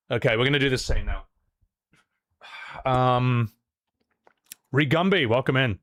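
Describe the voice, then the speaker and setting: A man's voice: medium pitch, a little slow, long pauses, dry recording, studio quality. A man streaming a game and voicing its characters, chatting casually, rambling, swearing freely and joking at his own expense. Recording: loud game music behind.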